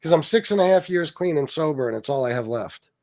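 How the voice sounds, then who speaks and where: A man's voice: a little high, expressive, fast, darkish tone. Profane, ranting man streaming politics. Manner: angry, profane, sarcastic, talks to chat. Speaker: political livestream host. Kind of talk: ranting livestream commentary. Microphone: streaming mic.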